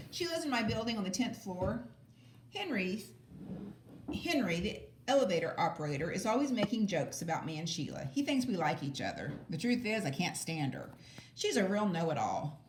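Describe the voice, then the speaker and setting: A woman reading a children's book aloud, lively and expressive with small stumbles. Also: lowish voice, roomy sound, a little hiss or hum. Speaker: audiobook reader. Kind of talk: storybook read-aloud.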